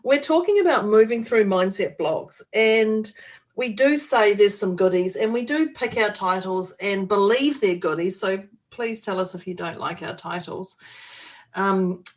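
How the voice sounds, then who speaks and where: Playful, slow-talking woman podcast co-host. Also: mid-range voice. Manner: playful, laughs often, snorts when laughing. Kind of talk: casual chat.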